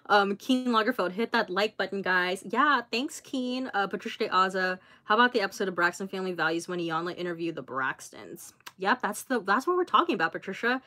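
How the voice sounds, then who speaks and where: A woman in her twenties chatting casually on a livestream, reading viewer comments aloud in a lively, expressive way with lots of fillers. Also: medium pitch. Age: 20s. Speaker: YouTuber hosting a livestream.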